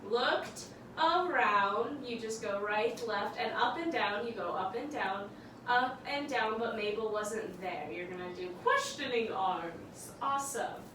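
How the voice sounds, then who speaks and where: A woman's voice: a little high, expressive, unhurried, far from the mic. A young woman teaching a dance tutorial, upbeat and encouraging as she talks through and counts out the steps. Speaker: dance instructor. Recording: roomy, from off-mic, audible background noise.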